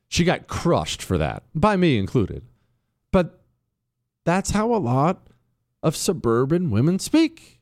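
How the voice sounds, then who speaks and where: Animated sarcastic male talk show host. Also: fairly high pitch, slow, gravelly, long pauses, no echo, studio quality. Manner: sarcastic, animated, riffs and mocks. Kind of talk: casual opinion talk show.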